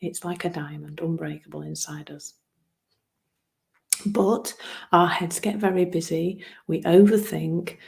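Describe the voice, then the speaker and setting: Earnest woman with a lowish voice. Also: steady tone, unhurried, gravelly, long pauses, a little mellow. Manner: earnest, self-deprecating, laughs at herself, repeats words while searching for phrasing. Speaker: wellbeing coach. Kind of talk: reflective solo talk.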